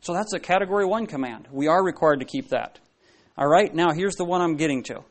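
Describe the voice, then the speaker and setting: A man's voice: a little high, brisk. Man preaching a conversational sermon. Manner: conversational, asks the congregation questions, many restarts.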